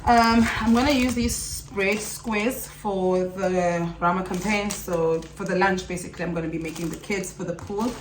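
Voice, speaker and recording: A woman's voice: medium pitch, steady tone, normal speed, few pauses, background noise. A woman in her thirties chatting casually to camera as a mom vlogger, often restarting her sentences. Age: 30s. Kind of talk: casual vlog chat. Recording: echoey room with background music.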